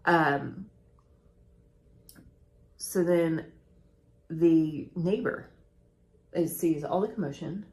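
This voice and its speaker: A woman with a slightly low voice tells a true-crime story to her podcast co-hosts. She talks casually and chattily, slipping into quoted lines from the people in the case. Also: very slow, pauses often, a little mellow.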